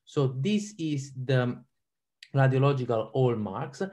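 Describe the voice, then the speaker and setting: A man's voice: medium pitch, slow pace. A man with an Italian accent giving a live online radiology lecture, quizzing his audience and often repeating himself. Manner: animated, quizzes audience with frequent ums and repeats.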